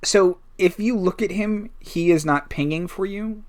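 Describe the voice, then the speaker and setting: A man running a tabletop game as game master, explaining in a measured way. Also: high voice, darkish tone.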